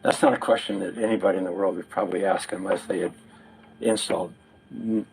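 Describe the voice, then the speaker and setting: A man's voice: low-pitched, steady tone, brisk, creaky, darkish tone, poor audio. A man being interviewed, explaining a technical idea step by step in a lecturing way. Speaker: interview guest.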